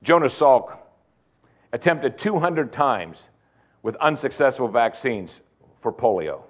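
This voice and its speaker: A man preaching a sermon, swinging between loud emphasis and hushed tones and repeating phrases for effect. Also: medium pitch, very animated, takes it slowly. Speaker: pastor.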